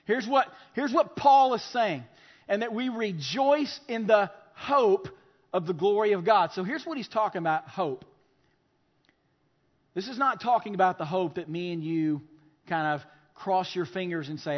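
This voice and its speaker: A man's voice: high voice, lively intonation, moderate pace. A man preaching a sermon as pastor, impassioned and acting out quotes. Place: church sanctuary. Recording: muffled sound with long reverb.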